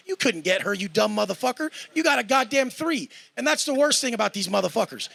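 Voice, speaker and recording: A man's voice: very high-pitched, animated, fast talker, creaky, few pauses, sharp tone, no echo. A man ranting in a cocky, profane way, mocking others in put-on voices. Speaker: guest in a clip being reacted to. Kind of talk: brash boastful rant.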